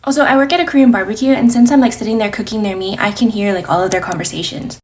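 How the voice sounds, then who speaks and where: A woman's voice: mid-range voice, steady tone, fast, a little mellow, a little hiss or hum. Chatty woman in a get-ready vlog. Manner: chatty, gossipy. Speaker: restaurant server.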